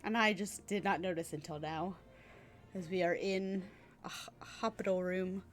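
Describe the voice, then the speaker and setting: A woman's voice: on the low side, steady tone, normal speed. Chatty giggly woman streaming a game. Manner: chatty, giggly, thinks aloud. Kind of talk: casual game-stream commentary.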